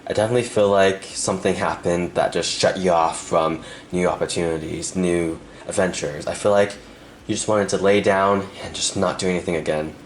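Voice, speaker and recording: A young man doing a pick-a-card tarot reading, talking softly and earnestly to the viewer with pauses, and emotional at times. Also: low voice, fairly even intonation, slight background noise. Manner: soft, earnest, speaks directly to the viewer with pauses. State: emotional, close to tears. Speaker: tarot reader.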